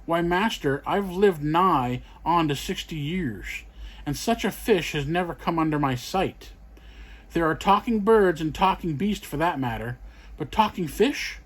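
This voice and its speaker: Man doing a chatty old servant guy, jolly, kinda high voice, storybook. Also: expressive, a little slow. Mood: jovial. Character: old male servant, nearly sixty, cheerful.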